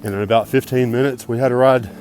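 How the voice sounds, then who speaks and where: A man of middle pitch chats to camera on a handheld phone while outdoors on a mountain trail. His talk is upbeat and grateful, with a casual, easy vlog manner. Faint music sits softly behind him. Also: fairly even intonation, fast, low-quality recording. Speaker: thru-hiker vlogger.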